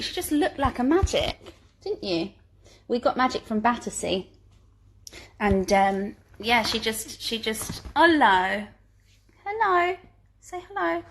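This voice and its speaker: A woman hosting a casual live fan Q&A from home on her phone, reading out questions, chatting and giggling, and cooing at her dogs. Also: on the high side. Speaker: musical theatre performer hosting a fan Q&A. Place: at home, indoors. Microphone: phone held at arm's length.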